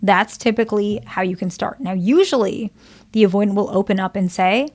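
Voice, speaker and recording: A woman's voice: mid-range voice, a little fast, darkish tone. A woman therapist giving relationship advice, explaining patiently and checking in often with "okay?" and "right?". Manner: explains patiently with example dialogues. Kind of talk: advice monologue to camera.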